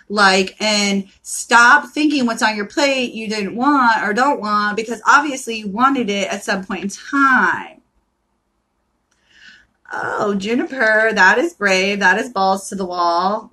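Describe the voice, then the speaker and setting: A woman's voice: mid-range voice, pushed and bright. A woman from Florida giving live tarot card readings in a brash, profane pep-talk manner.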